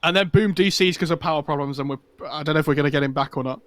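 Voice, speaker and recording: An esports caster calls a match live, his voice pitched on the high side, very fast and a bit bright, in a dry recording. The talk is a casual, rambling chat packed with fillers.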